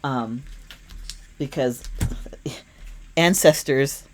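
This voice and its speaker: A woman with a low voice reads tarot cards for her viewers in an earnest, emphatic way, repeating key phrases. Faint outside noise sits behind her. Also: very slow. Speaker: tarot reader. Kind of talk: spiritual tarot reading to camera.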